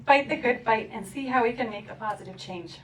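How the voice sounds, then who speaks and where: A woman with a fairly high voice reads her memoir aloud to a live crowd, playful and quick to laugh. She sounds a little distant from the microphone, with faint ambient noise from the outdoor event behind her. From Philadelphia area. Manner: playful, laughing, acts out chants and quotes. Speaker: author reading her memoir. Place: outdoor community celebration.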